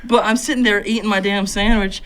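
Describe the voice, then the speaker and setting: A man co-hosting a casual podcast, telling blunt, profane stories and laughing loudly. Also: high voice, flat delivery, a little fast, clean tone. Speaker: podcast co-host. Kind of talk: casual crude storytelling.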